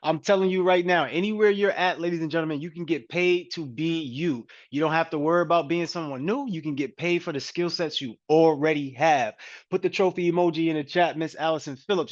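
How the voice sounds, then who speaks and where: A man with a slightly high voice runs a live group call, calling out names with quick, lively energy and repeating himself for emphasis. The call audio comes through dull and lo-fi. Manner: energetic, repetitive shout-outs. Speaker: coach hosting a group call. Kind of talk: upbeat live-call hosting. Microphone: video call.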